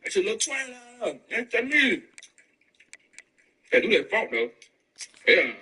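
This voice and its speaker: A man's voice: high voice, unhurried, distant mic, a little hiss or hum, low-quality recording. A man streaming a video game, ranting casually with lots of profanity and slang. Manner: animated, profane, slangy storytelling. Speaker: gaming streamer. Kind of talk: casual rant while gaming.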